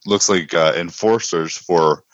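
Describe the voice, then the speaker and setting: A man's voice: low voice, unhurried, no echo. A man co-hosting a comics podcast, thinking aloud with restarts and questions in casual chat. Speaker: podcast co-host. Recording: dull lo-fi podcast audio.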